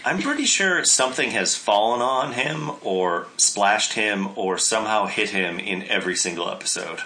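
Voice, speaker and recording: A man with a very deep but bright-edged voice joins a casual podcast recap. His tone moves around lively while he drops dry, wry remarks and chuckles. Faint hiss and clicks sit behind him. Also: moderate pace. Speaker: podcast co-host. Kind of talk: casual chat recapping a cartoon episode.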